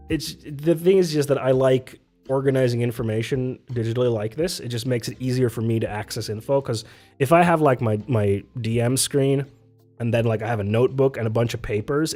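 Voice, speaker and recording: A man's voice: mid-range voice, a little mellow. Chatty laughing male streamer. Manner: chatty and rambling, often laughing and restarting. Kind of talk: casual live-stream chat, reading and answering chat.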